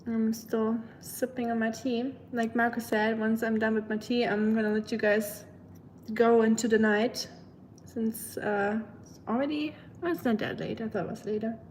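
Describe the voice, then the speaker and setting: A woman live streamer chatting casually with her viewers, rambling with lots of fillers and quick laughs. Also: on the high side, flat delivery, a little mellow, a little hiss or hum. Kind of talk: casual chat reading viewer comments.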